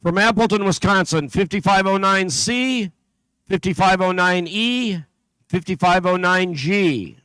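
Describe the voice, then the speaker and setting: A man with a notably high voice reads out team after team at an event venue, working through a list at a steady pace with small slips and asides along the way. His voice sounds dry, with hardly any room around it. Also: measured pace, clear, resonant tone, no room sound, low-quality recording. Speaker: event announcer. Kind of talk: announcing teams at a competition.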